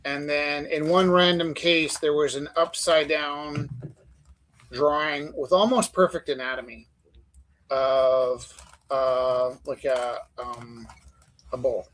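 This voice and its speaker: A man's voice: fairly high pitch, fairly even intonation, slow, a bit bright, low-quality recording. A man hosting a live art stream, chatting casually and telling rambling stories full of fillers while he draws. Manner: rambling storyteller, many fillers. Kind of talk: casual chat while drawing.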